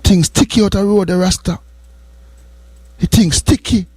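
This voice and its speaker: A man's voice: sits high, fairly even intonation, moderate pace, a little mellow, husky, dry recording. A Jamaican man hosting a morning radio show, giving earnest, repetitive advice and drifting between patois and English. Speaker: radio host.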